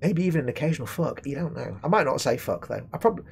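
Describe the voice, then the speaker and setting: Gravelly British gamer streamer. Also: male voice, mid-range voice, animated, fast, a little hiss or hum. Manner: chatty, wry asides, swears casually. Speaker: gaming streamer. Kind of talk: casual let's-play commentary, reading in-game texts.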